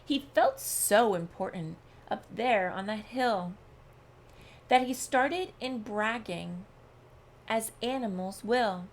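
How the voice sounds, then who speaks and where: A woman narrating a rhyming storybook aloud in an expressive, sing-song manner. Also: mid-range voice, slow, a little hiss or hum.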